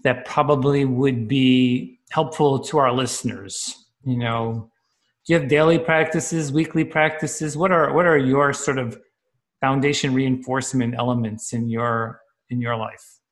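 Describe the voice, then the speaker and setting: A man's voice: mid-range voice, fairly even intonation, measured pace. Friendly man hosting a podcast. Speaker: podcast host. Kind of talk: casual interview.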